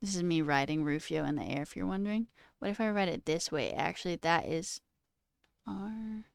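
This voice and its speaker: A chatty young woman streamer in relaxed conversation, laughing easily and often saying "okay" and "all right". Her voice sits a little low, and the sound is dry and close. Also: normal speed, gravelly, no room sound. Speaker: livestream host. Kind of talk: casual stream chat.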